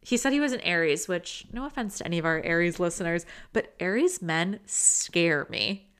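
A young woman with a bright, clear voice co-hosts a casual chat podcast. She tells her story in an animated way, slipping into quoted reactions of exaggerated disgust. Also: lowish voice, moderate pace. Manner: animated storytelling, quoting herself with dramatic disgust. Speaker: podcast co-host.

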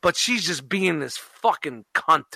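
Profane, rambling podcast host. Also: male voice, fairly high pitch, expressive, measured pace, creaky, pushed and bright, dry recording. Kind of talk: casual podcast chat.

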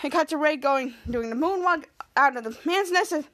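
Lady podcast host going cut by cut through an episode, high voice, lots of restarts. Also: normal speed, fairly bright tone. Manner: rambling scene-by-scene narration with restarts. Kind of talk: casual episode recap.

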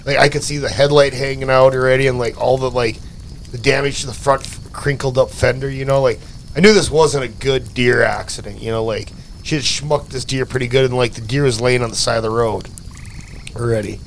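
A man's voice: medium pitch, steady tone, a little fast, slight background noise. A man telling a rambling, profane story in casual chat, stacking fillers as he goes. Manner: rambling and profane, full of "like" and "you know".

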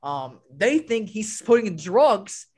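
A man's voice: sits high, takes it slowly. A young man on a podcast with old school friends, telling a story in casual chat, swearing freely and acting out what other people said. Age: young adult. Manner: animated, swearing, acts out other people's lines. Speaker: podcast co-host.

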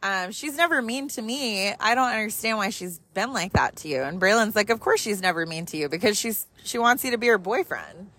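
A woman in her thirties, a mother, telling a story in a casual, animated way, swearing freely and laughing often, talking while driving her car. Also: mid-range voice, a little fast, hardly any pauses.

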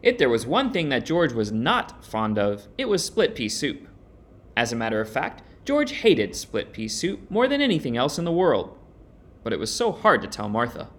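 A man narrating a children's storybook in an expressive, sing-song read-aloud manner. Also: mid-range voice, moderate pace.

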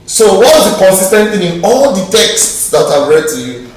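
Male Bible class teacher, high voice, lively and emphatic, heard from afar in a very echoey hall. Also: moderate pace, recorded from a distance, slight background noise. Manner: animated, emphatic, teasing questions.

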